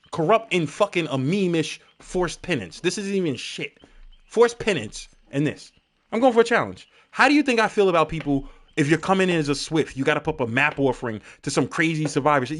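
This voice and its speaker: High, lively ranting male streamer. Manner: animated, ranting, profane. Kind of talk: live-stream gaming commentary.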